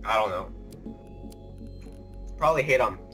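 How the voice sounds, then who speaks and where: A relaxed man chatting over an online match, laughing often at his friend's jokes. He talks slowly with a lot of rise and fall in his voice. Game music plays clearly in the background. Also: lowish voice. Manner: laid-back, laughs often. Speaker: gamer. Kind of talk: casual gameplay chat. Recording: game music playing behind.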